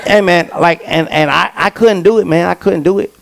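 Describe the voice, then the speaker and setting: A man's voice: high voice, moderate pace, gravelly, no echo, studio quality. A young man doing a stand-up comedy set on stage, telling stories in street slang with lots of repeated fillers. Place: comedy stage before a live audience.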